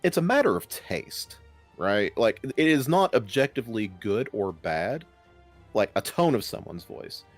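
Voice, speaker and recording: A man's voice: fairly low pitch, very animated, unhurried, soft background music. A man in a casual group discussion, speaking emphatically and with firm opinions. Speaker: podcast guest.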